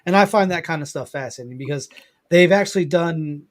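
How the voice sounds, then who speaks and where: As a guest on a casual podcast, an enthusiastic man talks fairly quickly, repeating his points with lots of feeling. His voice is a little high for a man.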